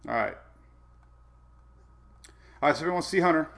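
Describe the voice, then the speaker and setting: A man's voice: a little high, moderate pace, creaky, a bit bright. A man hosting a casual weather live stream, chatty, laughing often and talking to his dogs between updates.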